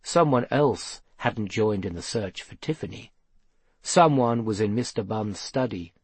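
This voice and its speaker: A man narrating a children's storybook in a measured, steady way. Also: fairly low pitch, breathy edge, dry recording. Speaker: audiobook narrator. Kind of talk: scripted narration.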